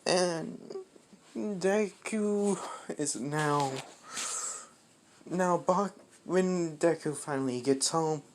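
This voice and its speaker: Very slow, halting fan-story narrator. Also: mid-range voice, slight background noise. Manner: halting, many fillers and restarts, casual swearing. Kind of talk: improvised fan-fiction storytelling.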